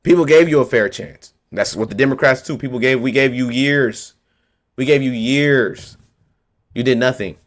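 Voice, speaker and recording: A man's voice: mid-range voice, normal speed. A man ranting to camera about politics, heated and confrontational, hammering his points by repeating them in blunt street slang. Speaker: vlogger.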